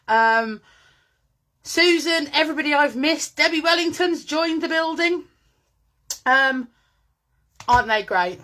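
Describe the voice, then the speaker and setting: A woman's voice: high-pitched, sing-song, normal speed, long pauses, fairly bright tone. A woman hosting a chatty live-stream craft demo from home, bubbly and greeting viewers by name, talking into a phone. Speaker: craft presenter. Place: at home with her dogs.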